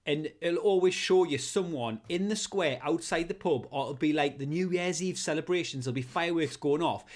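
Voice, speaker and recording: A man talks in a loose, rambling way, swearing freely as he rants. His voice sits a little high for a man. It is relaxed, jokey podcast chat. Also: a little fast. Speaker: podcast co-host. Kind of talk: casual comedic chat.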